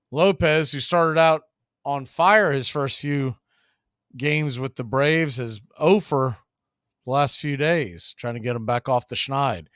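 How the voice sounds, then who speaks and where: A man hosting a casual baseball play-by-play stream, chatting between pitches. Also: clear, resonant tone, no room sound, clean studio sound. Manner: relaxed, chatty, drifting into betting talk. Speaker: play-by-play announcer and show host.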